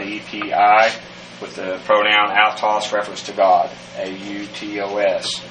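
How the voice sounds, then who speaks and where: This man's voice sits on the low side with a sharp tone as he leads a verse-by-verse Bible study, spelling Greek words letter by letter amid plenty of fillers. The room is echoey, he's heard from a distance, and there's a faint hiss.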